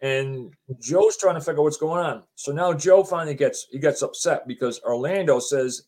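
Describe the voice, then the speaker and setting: A man's voice: on the high side, normal speed, hardly any pauses. A man telling a story in casual talk, acting out what others said. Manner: animated, acts out quotes of others. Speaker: homeowner telling his story.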